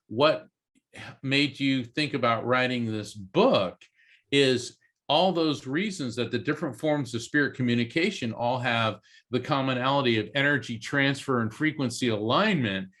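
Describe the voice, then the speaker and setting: A man's voice: mid-range voice, normal speed, fairly bright tone. Earnest man telling a story. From East Coast Florida. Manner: earnest, acts out quoted voices in his story. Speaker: interview guest, psychic medium and author. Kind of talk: storytelling in an interview.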